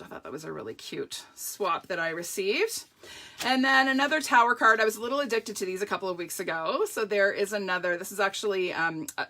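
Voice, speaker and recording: Casting note: woman, live craft demo host, bright, crisp voice, gushing and chatty, greets viewers by name. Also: mid-range voice. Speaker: paper-craft demonstrator hosting a live launch party. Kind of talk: casual live demo chat.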